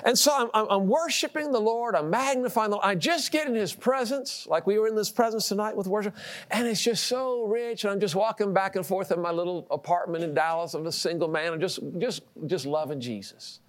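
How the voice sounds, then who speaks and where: A middle-aged man preaching a sermon, telling a personal story with lively delivery, repeating words and laughing at himself. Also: high-pitched, brisk.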